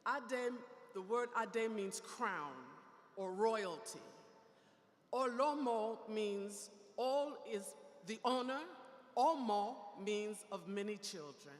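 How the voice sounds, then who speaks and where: A woman's voice: mid-range voice, fairly bright tone. An older woman and great-grandmother giving a playful commencement speech, calling out to the audience in a large hall. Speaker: commencement speaker. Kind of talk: ceremony speech. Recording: echoey hall, faint room noise.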